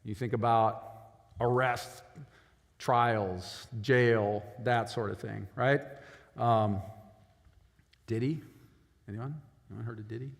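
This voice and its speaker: A lawyer giving a casual, conversational talk to high school students, often checking in with "right?". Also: male voice, steady tone, takes it slowly, pauses often. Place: school auditorium. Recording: echoey hall with long reverb.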